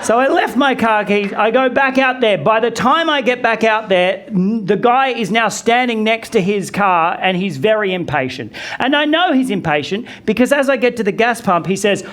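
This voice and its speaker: A man doing stand-up, telling a story in an animated way with rants, swearing and shouted punchlines in a comedy club. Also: sits high, moderate pace, few pauses. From from abroad, not American. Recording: comedy club with loud audience laughter.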